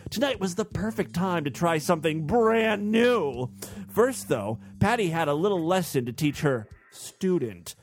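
Dude reading a story out loud for laughs, sarcastic asides, bouncy lively voice, a bit high. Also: male voice, measured pace. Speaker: host reading stories.

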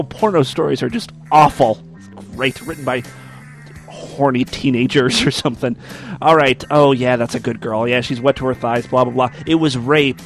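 Sarcastic man reading aloud. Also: fairly high pitch. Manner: sarcastic, wisecracking, laughs at the text. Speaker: host. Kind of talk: comedic reading with mocking commentary.

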